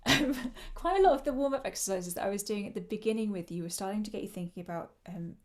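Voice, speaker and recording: A woman coaching singers through breath control in a mid-pitched, ordinary voice. She explains patiently and demonstrates each exercise with shushing sounds. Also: fast. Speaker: choral singing coach. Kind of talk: online vocal workshop instruction.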